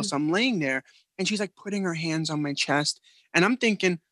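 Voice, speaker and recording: A man co-hosting a podcast, telling a story in a profane, animated way. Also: high-pitched, fairly quick, dry recording. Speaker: podcast co-host. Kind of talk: casual chat.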